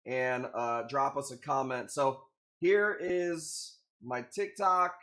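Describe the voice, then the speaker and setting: A man's voice: mid-range voice, slow, pushed and bright. A man hosting a casual live stream, upbeat and greeting viewers by name as he chats. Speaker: live-stream host selling corals.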